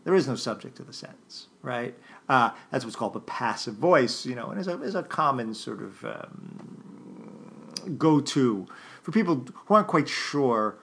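A man lectures in an unscripted, thinking-aloud way, stopping and restarting his sentences. His voice carries a gravelly fry at the bottom, and his pitch sits in an ordinary middle range. He keeps turning to the listeners with a quick "right?". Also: sing-song, fairly bright tone. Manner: thoughtful, halting, many restarts and fillers; addresses listeners directly, often checking with "right?".

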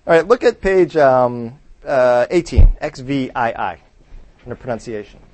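A male teacher lectures in a classroom, talking loosely and conversationally. His pitch sits at an ordinary middle height. He keeps throwing questions at the class and tagging his points with "right?". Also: lively intonation, measured pace, darkish tone, a little hiss or hum.

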